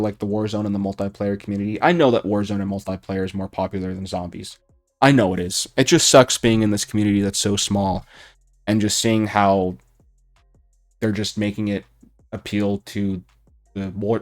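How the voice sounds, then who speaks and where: A young man giving unscripted commentary on a video game, heated and profane, with his voice rising toward shouting. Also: on the low side. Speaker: gaming YouTuber.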